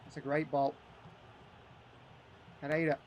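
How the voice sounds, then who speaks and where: Male stream host, high-pitched, running live play-by-play with animated, frustrated asides. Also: slow pace, slight background noise. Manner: animated, frustrated, thinking aloud between match calls. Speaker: gaming livestream host. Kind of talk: live play-by-play commentary on a football management game.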